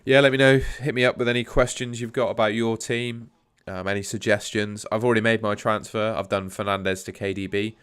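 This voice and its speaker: Low-voiced man chatting on a live stream. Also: fairly even intonation, brisk, hardly any pauses, a bit bright, clean tone, no echo. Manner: chatty, thinks aloud while fiddling with screens. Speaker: host. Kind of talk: casual live stream chat.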